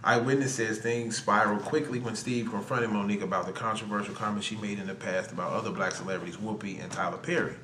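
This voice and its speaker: A man co-hosting a casual podcast, talking loudly and excitably with lots of slang and laughter, sometimes reading news items aloud. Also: lowish voice, quick pace, hardly any pauses, background noise. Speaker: podcast co-host. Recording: roomy podcast recording.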